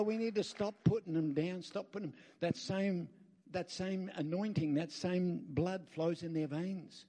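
Here an Australian guest preacher speaks emphatically to a church, his high-pitched voice dark in tone. He relates folksy stories with rambling asides and calls on the crowd for amens.

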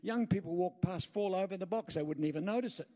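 A man's voice: sits high, quick pace, mellow. Emphatic Australian man preaching. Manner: emphatic, calls out for amens from the crowd; folksy storytelling with rambling asides. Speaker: guest speaker at a church. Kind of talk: preaching a church address.

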